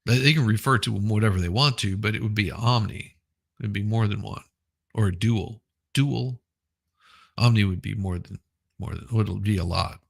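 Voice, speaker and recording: A man's voice: lowish voice, normal speed, gravelly. A man hosting a casual, opinionated news commentary show, talking bluntly and often repeating himself. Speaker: host of a news commentary channel.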